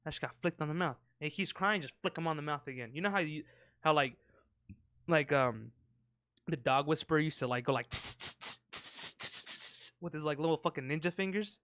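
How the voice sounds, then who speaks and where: A man chats on a podcast in a slightly high voice, rambling and cursing as he acts out little hissing sound effects. The sound is close and dry, with no room around it. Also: fast talker, a bit bright, no room sound. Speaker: podcast co-host. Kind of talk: casual podcast banter. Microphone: close podcast mic.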